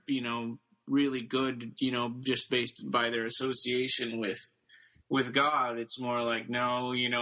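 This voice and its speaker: A man with a very bright, forceful voice chats casually on a podcast. He retells a story loosely, leaning on fillers and restarting sentences. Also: medium pitch, dull audio. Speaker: podcast co-host. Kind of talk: casual chat about books.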